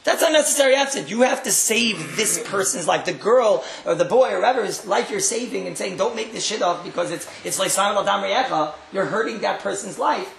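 A man's voice: high voice, animated, a little fast, vocal fry, few pauses, fairly bright tone, slight background noise. A man speaking as a rabbi, giving a religious talk as a wry storyteller who makes joking asides and repeats his phrases. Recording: roomy echo.

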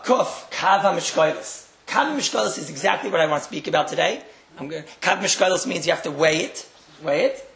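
Male rabbi, religious talk; gravelly, wry storyteller who repeats for effect; room echo. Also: high-pitched, a bit bright. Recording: roomy echo.

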